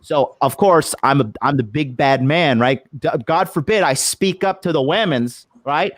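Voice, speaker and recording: Casual podcast guest, male, profane and animated storyteller, dry close sound. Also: fairly high pitch, normal speed, no echo. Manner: profane, animated retelling with acted quotes. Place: lives abroad in Japan.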